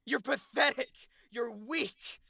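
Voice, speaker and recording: A cackling, triumphant villain taunts a beaten foe with sharp, shouted jeers. The voice is bright and edgy, the lines drawn out slowly, with a dry close recording. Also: mid-range voice, vocal fry, husky, dry recording, exaggerated voice. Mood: cruel taunting. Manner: taunting, shouting, maniacal laughter. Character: gloating sword-wielding villain, cruel and triumphant. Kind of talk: voice acting audition clip.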